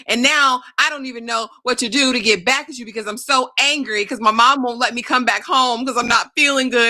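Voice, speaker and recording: A woman playing a furious, vengeful college guy. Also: fairly high pitch. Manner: ranting, repeating himself, then hushed threats.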